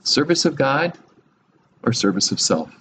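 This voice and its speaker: A man's voice: medium pitch, very animated, a little slow, a bit bright, a little hiss or hum, poor audio. A man giving a conversational Bible teaching, chuckling often, adding humorous asides and asking his listeners direct questions.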